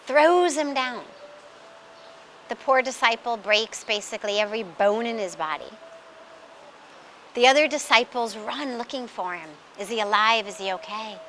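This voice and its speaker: Woman spiritual teacher, storytelling talk, bright high voice, deliberate emphasis. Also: a little hiss or hum.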